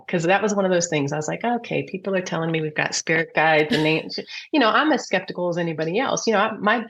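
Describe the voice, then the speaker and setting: A middle-aged woman, a reiki teacher and psychic medium, telling stories in an earnest, animated interview manner. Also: on the low side. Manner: animated, earnest storytelling with restarts. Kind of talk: conversational interview. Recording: muffled lo-fi audio.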